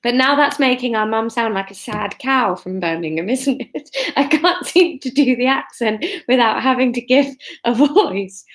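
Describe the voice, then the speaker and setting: A woman in her thirties live-streaming a reading of her own novel from her living room, self-mocking and quick to laugh at herself. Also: on the high side.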